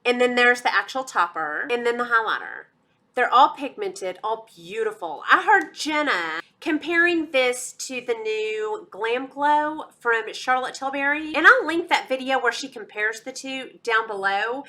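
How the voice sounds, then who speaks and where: A woman's voice: fairly high pitch, expressive, a little slow, pushed and bright. A woman with a Texas accent giving a chatty, enthusiastic makeup review, calling her viewers y'all. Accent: Texan. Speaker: beauty vlogger. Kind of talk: casual product review.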